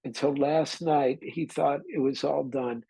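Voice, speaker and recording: A man's voice: a little high, steady tone, measured pace, vocal fry, mellow, slightly rough, no room sound, low-quality recording. A man, a meditation teacher, giving an informal dharma talk and telling a candid, rambling story with mild swearing.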